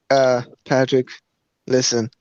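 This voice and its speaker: A man's voice: mid-range voice, completely flat delivery, clean tone, no room sound. A man on a casual video call, talking hesitantly and holding back laughter. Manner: slow, hesitant, stifling laughs. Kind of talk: casual chat. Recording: dry dull lo-fi call audio.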